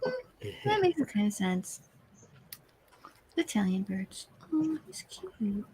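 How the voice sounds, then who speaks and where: High giggly lady musing out loud, slow, bouncy pitch. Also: big pitch swings, slight background noise. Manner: playful, giggly. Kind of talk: casual chat.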